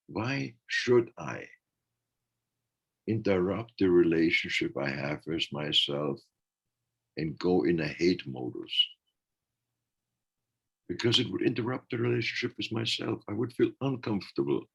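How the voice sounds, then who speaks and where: Low gravelly guy on a podcast, kinda breathy, earnest and emphatic. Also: fairly bright tone, lo-fi sound. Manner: earnest, emphatic, acts out quoted remarks. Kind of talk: reflective podcast conversation.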